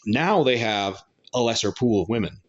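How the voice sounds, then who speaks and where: A man's voice: medium pitch, animated, moderate pace, highs cut off. A man giving a blunt, rambling opinion monologue with coarse language. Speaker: commentary channel host.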